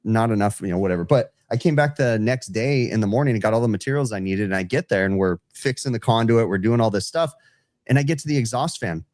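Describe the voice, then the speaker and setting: An HVAC technician co-hosting a casual trade podcast tells a work story as an animated storyteller, playing both himself and the customer in the dialogue and calling people "dude." His voice is lowish and he talks fast, with clean studio sound and no echo.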